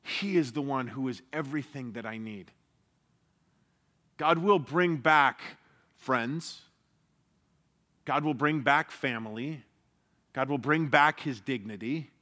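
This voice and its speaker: A man preaching a sermon in an earnest way, dropping to a hush for emphasis and rising when he stresses a point. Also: mid-range voice, slow pace, long pauses. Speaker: pastor.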